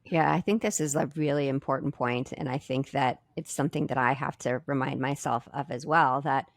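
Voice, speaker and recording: Low gravelly woman cohost. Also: fairly even intonation, fairly quick, dry recording. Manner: reflective, thinks aloud with restarts. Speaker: podcast cohost. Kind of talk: casual chat.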